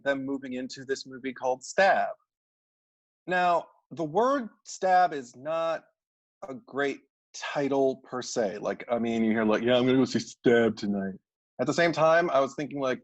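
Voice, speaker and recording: A man co-hosting a casual movie discussion, thoughtful and analytical, often restarting his sentences. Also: mid-range voice. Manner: thoughtful, analytical, self-correcting. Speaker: podcast co-host.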